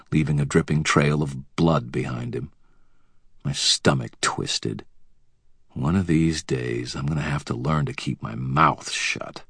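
A man narrating an audiobook in the first person, with a wry, measured delivery into a close microphone. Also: very deep voice, breathy edge, no echo.

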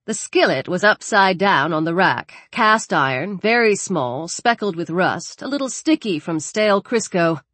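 A woman reading a horror story aloud in a measured, dramatic narrating style. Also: lowish voice, lively intonation, fairly bright tone, dry recording. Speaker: audiobook narrator.

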